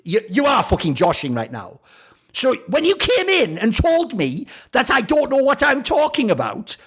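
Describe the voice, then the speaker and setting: A man's voice: very high voice, wildly swooping pitch, normal speed, fairly bright tone, slightly rough. A man hosting a show, ranting in a sarcastic, profane, mocking commentary. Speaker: esports commentator and show host.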